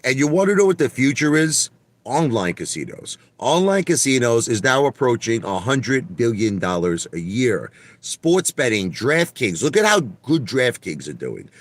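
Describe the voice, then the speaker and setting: A man rants on a home live stream, his pitch swinging up and down as he hammers each point. He repeats himself and drops mild curses. The sound is dry, with little room echo. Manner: emphatic, repetitive, swears mildly. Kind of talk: casual live stream rant. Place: indoors at home.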